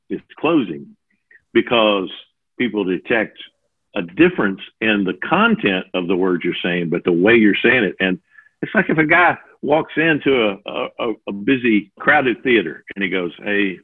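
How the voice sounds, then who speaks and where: A man in his sixties who mentors preachers, answering interview questions in an animated way and acting out the voices he quotes. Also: fairly low pitch, husky. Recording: phone-like narrow audio.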